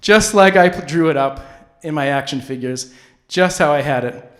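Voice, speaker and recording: A man's voice: a little high, normal speed. A man hosting a public access comedy show, delivering a rambling, goofy monologue full of restarts. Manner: rambling, self-interrupting, goofy.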